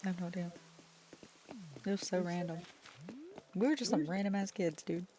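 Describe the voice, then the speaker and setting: A woman's voice: on the low side, fairly even intonation, normal speed, warm tone, slight background noise. A woman streamer chatting casually while gaming, telling rambling stories, swearing freely and laughing often.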